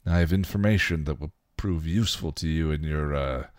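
A man's voice: rumbling low, a little fast, dry recording, clean studio sound. A man voicing a brash, cocky male vampire, reading a fan story aloud. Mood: defiant. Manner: cocky, snarling.

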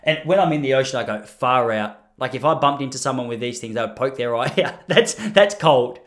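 A man's voice: mid-range voice, lively intonation, fast. A man riffing in a loose comedic monologue. He rambles with a self-deprecating tone, often trailing off and starting sentences again.

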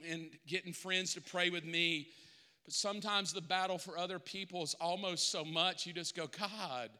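Middle-aged male preacher, high clear voice, raw confessional intensity, church sanctuary echo. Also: sharp tone. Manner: emotional, confessional preaching that builds to impassioned peaks. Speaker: pastor. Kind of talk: sermon.

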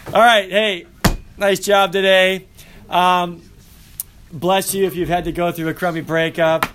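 A man's voice: high voice, unhurried, noisy background. Playful man lecturing a class. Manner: animated, playful, asks the class questions. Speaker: high school teacher.

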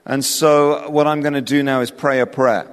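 A man's voice: medium pitch, steady tone, normal speed, smooth. A man with an English accent preaching an evangelistic sermon, impassioned and personal, calling listeners to respond. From England. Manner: impassioned, building to invitation then softening. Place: large hall with live audience. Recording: reverberant hall with music.

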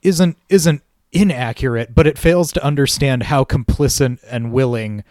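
A man's voice: medium pitch, normal speed, darkish tone, no room sound. Analytical man on a dry podcast. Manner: analytical, hedging with fillers. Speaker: podcast co-host. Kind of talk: casual discussion podcast.

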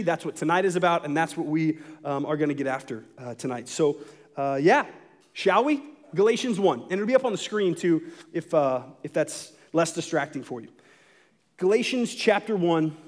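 Young guy pastor preaching, kinda high voice, gets animated acting out lines. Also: fairly quick. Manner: animated, acts out Paul in quoted asides. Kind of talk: sermon.

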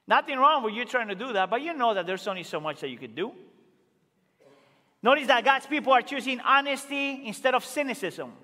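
A man preaching a sermon as pastor, earnest and emphatic, rising to loud exclamations and dropping to quiet asides. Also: very high-pitched, lively intonation, fairly quick. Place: church sanctuary. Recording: reverberant church hall.

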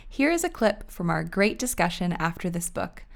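A woman's voice: lowish voice, sing-song, moderate pace, creaky. A woman co-hosting a book podcast, chatting with a nostalgic manner and many fillers. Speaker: podcast co-host. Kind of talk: casual book chat.

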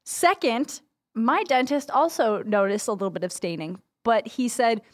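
A woman's voice: on the high side, very animated, normal speed, no echo, studio quality. A woman co-hosting a podcast, telling chatty, upbeat anecdotes in casual conversation. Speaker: podcast co-host. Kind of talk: casual chat.

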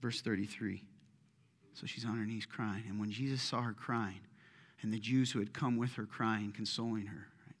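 A man preaching a sermon, swinging from hushed asides to loud, pleading retellings. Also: lowish voice, fairly even intonation, normal speed, in a large hall. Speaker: pastor.

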